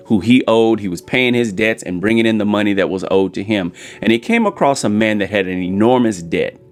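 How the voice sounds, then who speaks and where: A man hosting a daily devotional show, preaching and retelling a parable in an energetic, folksy way. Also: fairly low pitch. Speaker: host.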